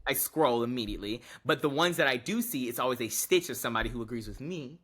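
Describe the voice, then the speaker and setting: A man's voice: medium pitch, lively intonation, fast, a bit bright. A man co-hosting a podcast, chatting casually and animatedly, venting and swearing freely. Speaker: podcast co-host. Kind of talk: casual chat.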